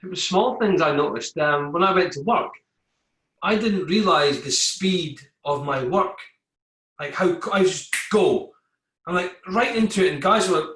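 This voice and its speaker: A man's voice: sits high, lively intonation, a little slow, a bit bright. A man, an army veteran, telling his story in a candid podcast conversation, acting out exchanges with coworkers. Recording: echoey room.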